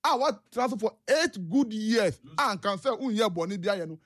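A man's voice: high voice, expressive, moderate pace, a bit bright. A man with a Ghanaian English accent, calling in to a talk show and giving impassioned political commentary with rhetorical questions. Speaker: caller.

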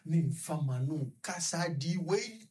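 A young man with a Ghanaian accent, a guest on a radio discussion, telling a personal story in a halting way and stuttering repetitions. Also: on the high side, animated, a little mellow, a little hiss or hum.

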